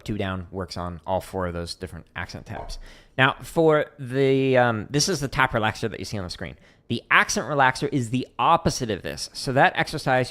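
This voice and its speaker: A man from Arizona teaching drumming on a casual livestream, talking in a relaxed, rambling way with lots of fillers. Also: mid-range voice. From Arizona, USA. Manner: relaxed, chatty, many fillers, counts strokes aloud. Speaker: drum teacher streaming Q&A.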